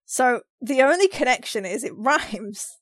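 A woman's voice: a little high, lively intonation, measured pace, dry recording. A woman from England with a London Cockney accent, co-hosting a podcast in casual chat, laughing often as she explains things with examples. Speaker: podcast co-host.

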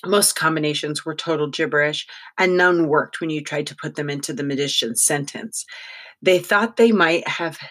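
Brief: audiobook narrator, wry and lively, middling pitch. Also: moderate pace.

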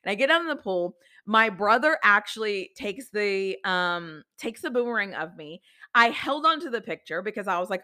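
A woman's voice: mid-range voice, expressive, normal speed, sharp tone. A woman in her thirties hosting a podcast, telling a candid personal story in a chatty, filler-heavy way and swearing casually. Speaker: podcast host.

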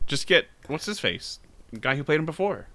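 A young man co-hosting a casual podcast chat, jokey and animated, swearing casually. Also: a little high, brisk.

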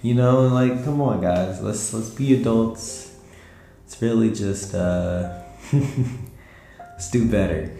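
A tired young man hosts his podcast late at night from home, drifting through slangy, laid-back talk. His voice sits very low, with a dark, mellow tone and a gravelly edge. The room adds a clear echo. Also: takes it slowly, pauses often. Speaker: podcast host. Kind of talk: casual late-night monologue. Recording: roomy echo with faint music.

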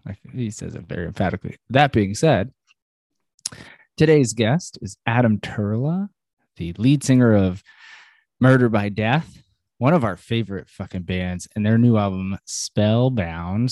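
A man hosts a casual podcast, his voice sitting on the low side and recorded dry and close. He banters loosely, laughs often and drops the odd curse. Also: moderate pace, darkish tone, dry recording. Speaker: podcast host.

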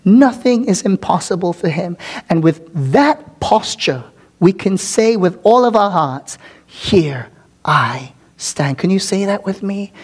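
Male preacher mid-sermon; unhurried, emphatic, repeats key words, hushes for effect. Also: high-pitched, slightly rough. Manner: dramatic preaching, drops to whispers for emphasis; repeats words for emphasis, occasional filler ums. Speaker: pastor.

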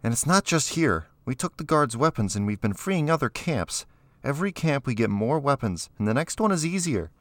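A man's voice: mid-range voice, very animated, moderate pace, dry recording, pitched above the performer's own voice, lightly acted. A man reading aloud, voicing a defiant teenage girl who leads a rebel camp, speaking bluntly. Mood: assertive.

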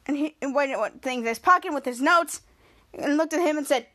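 High-voiced woman recapping a TV episode. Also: brisk, a bit bright. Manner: reads quoted lines in a livelier voice, many restarts. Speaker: podcast host.

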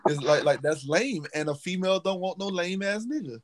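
High-voiced emphatic man, podcast chat. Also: brisk, no room sound. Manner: emphatic, repeats words for punch. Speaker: podcast host; football coach.

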